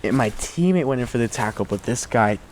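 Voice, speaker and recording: A man's voice: medium pitch, a little fast, a little hiss or hum. A young man from the United States, a guest on the show, tells a story casually and keeps saying "like". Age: young adult. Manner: animated, heavy use of "like".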